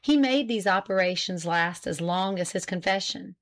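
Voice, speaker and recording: A woman narrating a classic novel as a volunteer audiobook reader, in a measured, even storytelling manner. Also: on the low side. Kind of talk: scripted narration.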